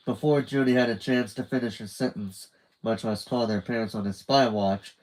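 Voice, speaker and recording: A man's voice: medium pitch, fairly even intonation, normal speed, a little mellow, low-quality recording. A man narrating a children's book in a live reading. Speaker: reader.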